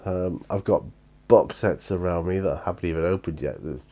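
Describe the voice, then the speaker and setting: A tired British hobby vlogger chats casually from his hobby room at home, rambling along with lots of fillers and restarts. His voice is low-pitched and mellow, and he talks briskly.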